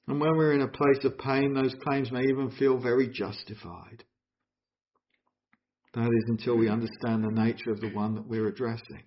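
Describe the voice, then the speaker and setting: A man preaching a sermon in an earnest, expressive way, asking his listeners questions. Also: mid-range voice, normal speed. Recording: dull lo-fi recording.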